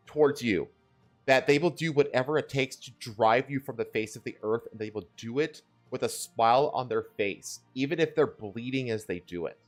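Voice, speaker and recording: Mid-pitched man building a slow, emphatic rant. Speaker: co-host of a news talk stream. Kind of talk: casual political chat.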